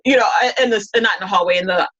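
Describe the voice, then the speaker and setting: A woman's voice: mid-range voice, very fast, fairly bright tone. Rambling woman telling a story, lo-fi. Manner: rambling, full of restarts and quoted dialogue. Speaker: interview guest. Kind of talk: casual storytelling.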